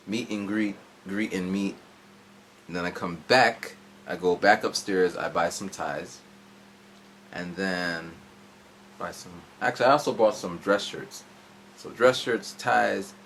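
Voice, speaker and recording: A man's voice: on the low side, fairly bright tone, slight background noise. A man in his forties telling a long, rambling story in a casual vlog from home, jumping around as he goes. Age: 40s. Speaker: vlogger. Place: at home indoors.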